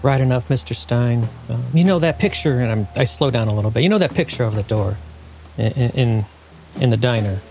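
A man's voice: mid-range voice, faint music behind, close to an everyday voice. A man playing a grieving everyman widower. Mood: somber. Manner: rambling, gentle, halting. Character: grieving middle-aged male widower driver, kindly.

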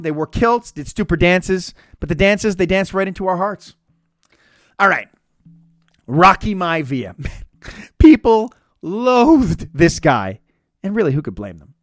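A man's voice: sits high, a bit bright, dry recording, clean studio sound. A man hosting a comedic podcast, talking in a sarcastic, profane, ranting way. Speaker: podcast host.

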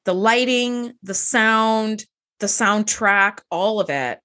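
A woman co-hosting a casual chat show, animated and given to acting out characters' lines, with casual swearing. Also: mid-range voice, slow. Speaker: podcast co-host.

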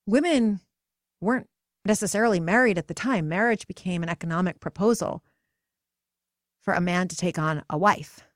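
A pregnant woman in her forties hosting a podcast, telling a personal story in an earnest, emotional way, her voice climbing higher when she gets passionate. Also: moderate pace, pauses often, no room sound, studio quality. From United States. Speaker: podcast host.

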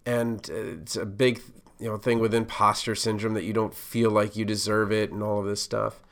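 A man's voice: on the low side, little pitch movement, normal speed, vocal fry, fairly bright tone. A man hosting a podcast, giving casual career advice in a conversational, loosely rambling way full of asides.

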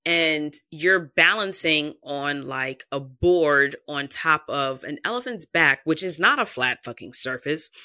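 A woman hosts her own podcast in loose, chatty talk, wandering off on side notes and filling gaps with "um". Her voice is bright and forward, and she swears freely. The recording is close and dry, with no room echo. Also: sits low. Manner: rambling with tangents, frequent fillers and swearing. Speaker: podcast host. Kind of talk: casual solo podcast chat.

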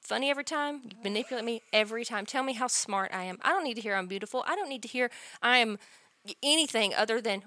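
A woman's voice: fairly high pitch, quick pace, no echo. A woman hosting a podcast, telling funny stories in casual chat with lots of laughter and some swearing. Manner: laughing, animated storytelling with profanity. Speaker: podcast host.

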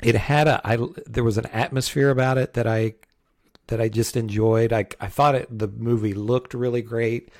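A man's voice: mid-range voice, flat delivery, moderate pace, darkish tone. A man co-hosting a casual film review podcast, talking loosely with frequent restarts and hedges. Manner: rambling, many restarts and hedges. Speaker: podcast co-host.

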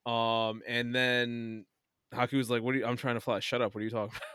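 A man casually retelling an animated film to friends, acting out the characters' lines with laughs and fillers. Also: medium pitch, fast, clear, resonant tone, no room sound, studio quality. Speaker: podcast host retelling a film. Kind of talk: casual chat.

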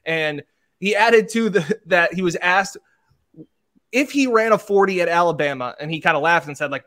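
Male sports reporter, chatty storyteller, slightly high voice. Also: lively intonation, normal speed, fairly bright tone. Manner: chatty storyteller, mimics interview exchanges. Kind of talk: sports talk discussion.

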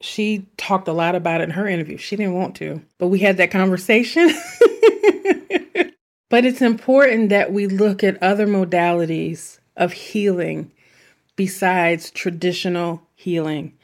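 In a fairly low voice with fairly even intonation, this podcast host talks at a moderate pace. Her reflective self-help chat is earnest and conversational, sprinkled with asides.

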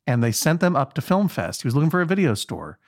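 A man's voice: a little high, very animated, fast. A middle-aged man guesting on a talk show, telling dry, wry anecdotes and acting out the people in them. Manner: dry, wry storyteller who acts out quoted voices. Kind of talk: casual storytelling chat.

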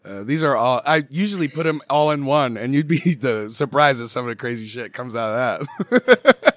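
A young man talking as a guest in a casual, joking interview, laid-back and quick to laugh, swearing often and answering with a polite "yes, ma'am". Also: medium pitch, lively intonation, a bit bright, no room sound, studio quality.

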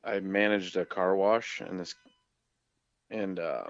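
A deep-voiced man calmly recounting past events in a relaxed podcast talk. The sound is dull, a little lo-fi, and very dry. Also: slow, dry recording. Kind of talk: casual storytelling.

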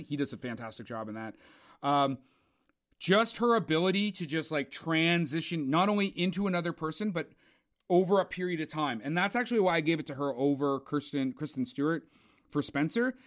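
A man's voice: on the high side, lively intonation, brisk. A man chatting casually about film awards, rambling with lots of fillers. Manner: rambling, filler-heavy, enthusiastic. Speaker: co-host.

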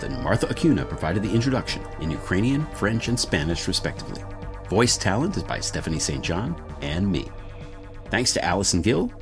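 Host: man, low voice with lively swings, affirming, reads credits and outro, faint music under. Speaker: podcast host. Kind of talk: interview and show outro.

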